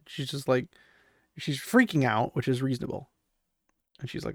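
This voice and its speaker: Gravelly chatty man recapping a book. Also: mid-range voice, steady tone, normal speed, dry recording, studio quality. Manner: chatty, opinionated, acting out quotes.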